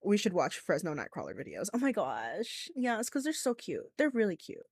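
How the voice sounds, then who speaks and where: A woman's voice: medium pitch, huge pitch swings, moderate pace, vocal fry, darkish tone, husky, dry recording, studio quality. A young woman streaming, chatting casually and ranting bluntly with lots of swearing and giggles. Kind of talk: casual live-stream commentary.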